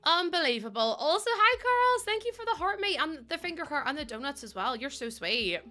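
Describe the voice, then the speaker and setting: A young woman streaming a game, chatting quickly with her viewers while feeling a bit run down. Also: high voice, big pitch swings, bright, forceful tone. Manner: fast-talking, chatty. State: under the weather, a bit run down. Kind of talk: casual live-stream chat while playing a game.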